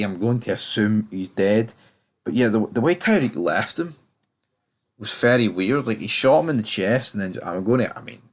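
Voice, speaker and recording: A man giving a casual, rambling review of a TV episode, often stammering and repeating words. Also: on the low side. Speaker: TV show reviewer.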